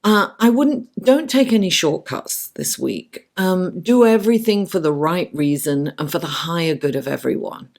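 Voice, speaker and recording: In a lowish, gravelly voice with a darkish tone, a woman reads tarot at normal speed and barely pauses. She sounds animated, chatty and affectionate, even talking to the cards, yet the late hour has her losing her voice.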